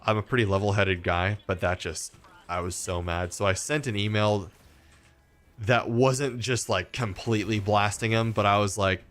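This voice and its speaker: A man's voice: on the low side, normal speed, a bit bright. A man from Texas, a gaming streamer, rambling through a story in casual chat with lots of fillers and restarts.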